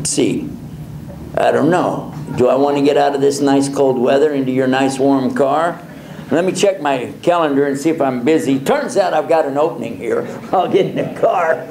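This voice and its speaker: A male preacher telling a personal story in a lively way, chuckling and acting out the dialogue. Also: medium pitch, normal speed, gravelly, slight background noise. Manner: animated, chuckles often, acts out dialogue. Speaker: Islamic preacher. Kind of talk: storytelling lecture. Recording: echoey hall with faint ambience.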